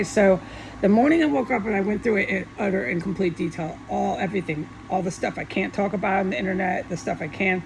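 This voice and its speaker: A woman with a gravelly, creaky voice rambles through a monologue, agitated and swearing in heated outbursts. A faint air conditioning hum sits under her voice. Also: mid-range voice, poor audio. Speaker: vlogger.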